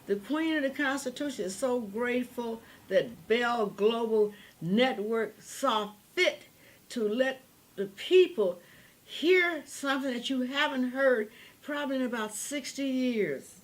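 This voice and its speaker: Rambling high-voiced older woman. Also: a little slow. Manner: rambling, emphatic, preachy. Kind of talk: impassioned political monologue.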